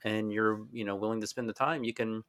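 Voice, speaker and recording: A man's voice: lowish voice, steady tone, a little fast, a bit bright. A man from Louisville with a mostly neutral American accent and a faint Southern trace, a podcast guest who talks animatedly and repeats himself as he thinks aloud. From Louisville, Kentucky. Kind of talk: casual chat.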